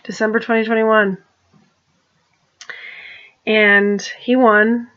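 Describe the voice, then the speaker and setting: A woman's voice: fairly high pitch, level tone, takes it slowly, fairly bright tone, muffled recording. A woman talking in a rambling personal monologue, restarting her sentences and turning pointed and accusing. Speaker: vlogger.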